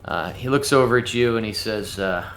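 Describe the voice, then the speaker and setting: A man's voice: fairly low pitch, moderate pace, fairly bright tone. A man narrating as game master in a loose, laid-back manner with many fillers. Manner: loose, filler-heavy, laughs easily. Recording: roomy echo, faint music behind.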